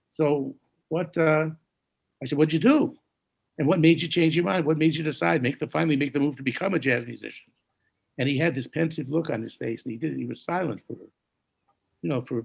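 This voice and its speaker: Gravelly-voiced man in his sixties. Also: fairly high pitch, dull audio. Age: 60s. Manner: gravelly, hushed when quoting others, scats melodies. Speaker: jazz saxophonist telling stories. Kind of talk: conversational storytelling.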